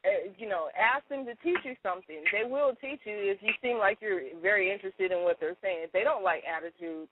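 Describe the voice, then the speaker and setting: A woman's voice: medium pitch, fairly quick, few pauses, background noise. A woman co-hosting a radio show, telling stories in a chatty way and laughing often in casual comedic chat. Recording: dry, phone-like narrow sound.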